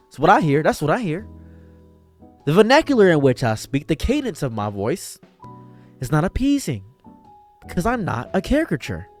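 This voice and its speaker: A man delivering an impassioned commentary monologue, emphatic and swinging from raised outbursts to quiet, low lines. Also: huge pitch swings, fairly quick, soft background music. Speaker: online commentator and streamer.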